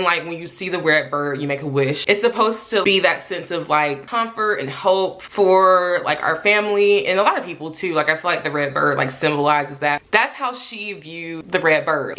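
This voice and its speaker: A woman's voice: fairly low pitch, sharp tone. Chatty woman vlogging in an echoey room. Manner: chatty, rambling, heavy use of "like", addresses viewers directly. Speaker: home decluttering vlogger. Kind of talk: casual vlog chat to camera. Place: home office, indoors.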